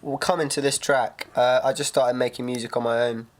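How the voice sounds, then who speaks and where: A young man co-hosting a podcast, his voice sitting right in the middle of the range. He tells his stories in a relaxed, easygoing way and laughs easily. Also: mid-range voice, a little fast. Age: young adult. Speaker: podcast co-host. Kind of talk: casual chat.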